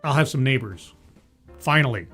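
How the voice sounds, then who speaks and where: A man's voice: mid-range voice, expressive, moderate pace, a bit bright, husky, faint music behind. A man giving casual reaction commentary on a talk, rambling with jokey asides and many fillers and restarts.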